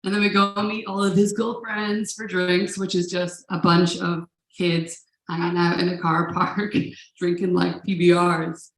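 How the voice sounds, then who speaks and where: A woman's voice: lowish voice, little pitch movement, unhurried, few pauses. A woman telling a personal story at a live event, in a casual, profane manner with frequent laughs. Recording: roomy live room echo.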